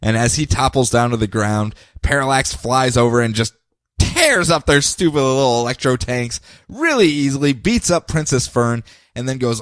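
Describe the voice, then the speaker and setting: A man's voice: medium pitch, moderate pace, dry recording, studio quality. A man co-hosting a podcast, recapping comic books in casual chat and jumping into playful character voices. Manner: animated storyteller, jumps into goofy character voices. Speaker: podcast co-host.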